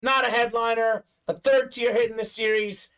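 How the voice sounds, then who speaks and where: A man hosting a live sports card break stream, excitedly hyping up buyers and reading chat messages aloud. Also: very high voice, normal speed, clean tone. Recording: distant mic.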